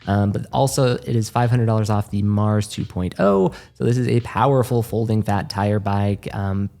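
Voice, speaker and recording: A man with a cold, hoarse and nasal, co-hosting a casual podcast in a loose, easygoing way with lots of fillers. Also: on the low side, mellow. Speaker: podcast co-host.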